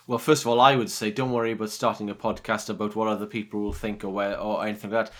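A man's voice: lowish voice, level tone, fast talker, a bit bright. A man co-hosting a podcast in casual chat, enthusiastic and a bit rambling. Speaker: podcast co-host.

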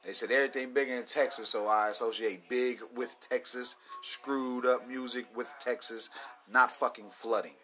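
A man with a bright, forceful voice at a middle pitch talks through a casual solo podcast. He rambles loosely, swears constantly and chuckles between his thoughts, with faint music sitting low underneath. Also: fairly even intonation, normal speed. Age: adult. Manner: rambling, profane, laughs between lines. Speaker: podcast host.

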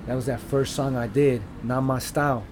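Heavy background noise surrounds a man speaking at a moderate pace in a steady, mid-range voice. He's a podcast guest sharing his life story in casual, rambling storytelling, thick with profane street slang and fillers like "like" and "you know."

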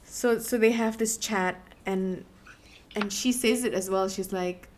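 A woman's voice: medium pitch, fairly even intonation, measured pace, a little hiss or hum. A woman co-hosting a book podcast, chatting casually, laughing often and acting out quotes from the story. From Malaysia.

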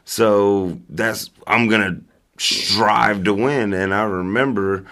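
Bright, lively man telling a story. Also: fairly low pitch, takes it slowly. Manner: animated, profane, laughs often. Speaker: storyteller among friends. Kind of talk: casual storytelling chat.

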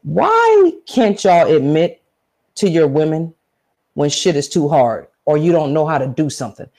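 A woman's voice: sits low, very animated, a little slow, dark tone. A woman co-hosting a casual podcast, talking frankly and sassily to listeners in speech. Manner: frank, sassy, addresses listeners directly. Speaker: podcast co-host.

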